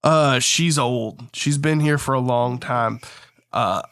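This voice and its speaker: A man's voice: medium pitch, slow, a bit bright, smooth, no echo, clean studio sound. A man playing a tabletop game, casually describing what his character does. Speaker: player. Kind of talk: tabletop game role-play.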